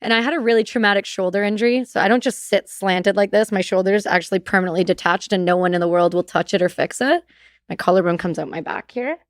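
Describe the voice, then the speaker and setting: A woman speaking as a podcast guest, telling her story in an animated, casual way and swearing freely. Her voice is smooth and clear at a mid pitch. The recording is close and dry. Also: quick pace, no room sound.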